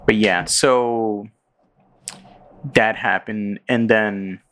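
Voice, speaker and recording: A man's voice: fairly low pitch, fairly even intonation, very slow, a bit bright, a little hiss or hum. A man hosting a podcast, casually recapping a show with lots of fillers and acted-out quotes. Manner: rambling, filler-heavy, acts out character lines. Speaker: podcast host.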